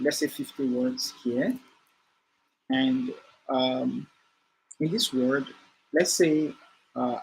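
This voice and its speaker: A man walks through a coding tutorial at a middle pitch, thinking aloud with frequent fillers and restarts. A faint noise hums under his voice. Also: low-quality recording. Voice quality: hesitant, many fillers and restarts while explaining. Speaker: coding instructor. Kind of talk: screen-share coding tutorial.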